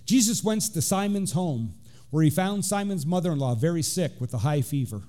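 A middle-aged man preaches to his congregation with a slightly raised pitch and a soft, mellow tone. He reads scripture, then drifts into relaxed, halting commentary full of fillers and restarts. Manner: conversational, with frequent fillers and restarts. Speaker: deacon. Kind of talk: informal sermon with scripture reading.

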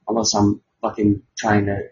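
A male podcast host rambles sarcastically and swears freely in casual crude chat. His voice is fairly low and darkish with completely flat delivery at a moderate pace, heard through dull lo-fi audio.

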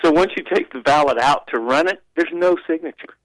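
Man, talk radio regular, opinionated, fairly high pitch, dry mic. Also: fairly quick, fairly bright tone, dry recording, poor audio. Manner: opinionated, mocking quoted voices, rambling restarts. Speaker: radio show regular guest.

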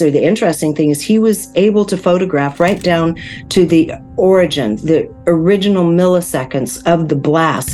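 A woman's voice: low-pitched, darkish tone. A woman hosting a solo commentary video, speaking in a conversational way with frequent fillers and self-corrections. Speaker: host.

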